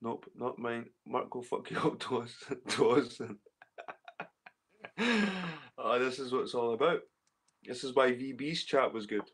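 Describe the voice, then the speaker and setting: A man's voice: medium pitch, lively intonation, measured pace, pauses often, a bit bright, husky. A Scottish man hosting a casual livestream, rambling and swearing as he reads and answers the chat. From Scotland. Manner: rambling, swearing, repeats himself. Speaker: livestream host reading chat.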